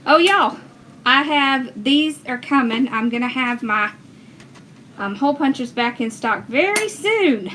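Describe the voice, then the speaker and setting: A woman walks viewers through a craft project at an easy, unhurried pace, her voice sitting high. She chats along as she works, thanking people for their comments, with a faint hum in the background. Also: animated. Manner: chatty, reads and thanks viewers' comments while working. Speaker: wreath-making instructor. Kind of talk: casual livestream craft tutorial.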